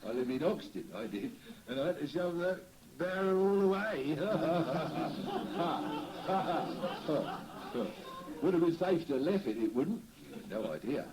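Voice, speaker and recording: A man's voice: a little high, sing-song, brisk, hardly any pauses, a crowd in the background, rough recording. A man in a trance-séance recording, speaking as the spirit of a cheery old Cockney costermonger with a Cockney accent, rambling and chuckling as he chats. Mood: chatty. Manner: rambling, chuckling, folksy chat. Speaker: trance medium.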